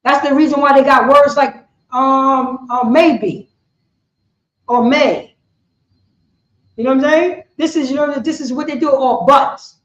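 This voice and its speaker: Male street teacher, high voice, rambling talk, dull echoey recording. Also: fairly even intonation, a little slow, pauses often, a bit bright. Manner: rambling, keeps saying "you know what I'm saying". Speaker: religious teacher. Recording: echoey room, dull lo-fi sound.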